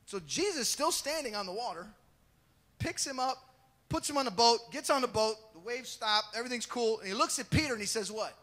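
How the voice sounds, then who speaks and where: A male pastor preaching an animated sermon, acting out Bible scenes and joking with the congregation. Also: extremely high pitch. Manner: animated, acts out the Bible scenes in quick voices and shouts; jokes with the congregation.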